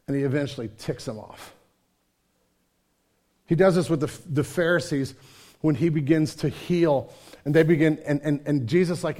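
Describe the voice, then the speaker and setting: High-voiced man preaching conversationally. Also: darkish tone. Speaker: pastor. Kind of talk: sermon.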